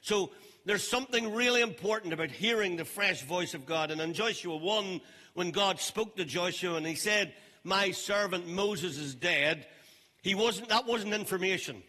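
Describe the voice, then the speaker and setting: An older man preaching a sermon as pastor, emphatic and stressing phrases slowly. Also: sits high, pushed and bright. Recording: long reverb of a large hall.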